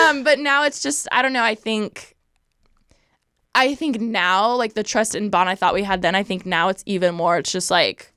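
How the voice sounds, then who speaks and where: A young woman in relaxed podcast conversation, her voice smooth and clear with a dry, close sound. She gushes, laughs often and peppers her talk with fillers. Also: medium pitch, moderate pace, no room sound. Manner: laughing, gushing, filler-heavy. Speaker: podcast guest, former boss. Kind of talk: casual chat.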